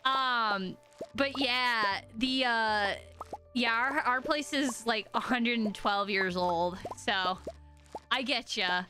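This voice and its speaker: A woman's voice: a little high, slow, sharp tone, faint music behind. A young American woman streaming a game, chatting in a rambling, giggly, self-deprecating way. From United States. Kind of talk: casual chat with viewers while gaming.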